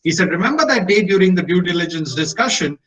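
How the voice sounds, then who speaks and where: A middle-aged man with an Indian English accent, giving a motivational talk as an animated storyteller who acts out the dialogue. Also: sits high, quick pace, distant mic, rough recording. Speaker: motivational speaker.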